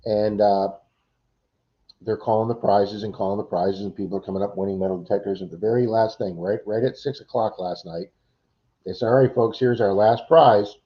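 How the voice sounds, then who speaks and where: A man with a low, steady voice hosts a live stream from his home computer setup, talking a little fast. He tells a long story casually, with many "uh"s and restarts, over dull lo-fi stream audio.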